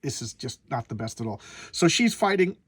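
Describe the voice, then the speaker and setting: A man's voice: medium pitch, big pitch swings, fairly quick, slightly rough, dry recording. A man reviewing an old comic book in a casual, blunt, rambling way, often restarting his sentences.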